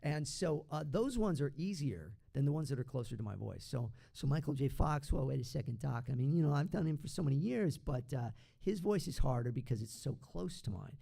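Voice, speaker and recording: A man's voice: a little high, expressive, a little fast, vocal fry, few pauses, mellow. A man, a voice actor guest on a podcast, chatting casually and slipping into impressions.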